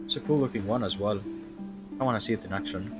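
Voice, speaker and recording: A man casually commenting on a video game as he streams it, thinking aloud and sometimes yelping with excitement. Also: fairly low pitch, quick pace. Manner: chatty, thinks aloud, bursts into excited yelps. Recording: game music playing behind.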